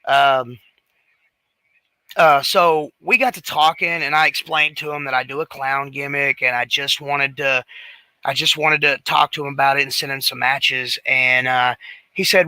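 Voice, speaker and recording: A man's voice: mid-range voice, steady tone, moderate pace, pushed and bright, clean tone, no room sound, rough recording. A man co-hosting a casual talk show, telling a rambling story with lots of restarts and fillers. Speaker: podcast co-host.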